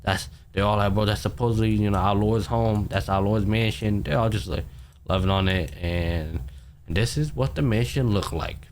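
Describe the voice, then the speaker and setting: A man's voice: on the low side, normal speed, slight background noise. A young man co-hosting a podcast, casually recapping an anime and acting out the characters' lines with plenty of slang and swearing. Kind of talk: casual chat.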